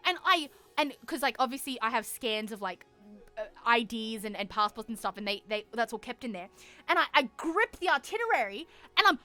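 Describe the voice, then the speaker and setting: High, bright-voiced young woman streamer. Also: fairly quick, faint music behind. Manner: animated, profanity-laced, laughs through the story. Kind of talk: casual storytelling to stream chat.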